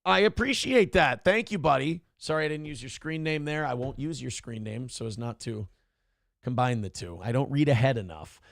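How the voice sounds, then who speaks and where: Man, stream host, gravelly voice, dry close sound, animated, does mocking voices. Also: mid-range voice, moderate pace, no room sound. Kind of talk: casual live-stream talk.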